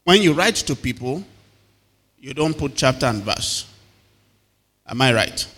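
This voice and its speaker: A male pastor preaching to his congregation and drawing answers back from them. His voice is bright and forceful, at an ordinary pitch for a man. Long reverb trails off every phrase, as in a large hall. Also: expressive, measured pace. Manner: calls to the congregation for responses. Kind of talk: sermon.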